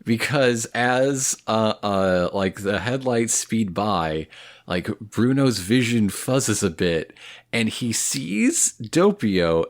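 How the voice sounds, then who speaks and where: A man's voice: lowish voice, lively intonation, slow. A man co-hosting a podcast, recapping episodes in casual chat with wry, jokey asides. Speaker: podcast co-host.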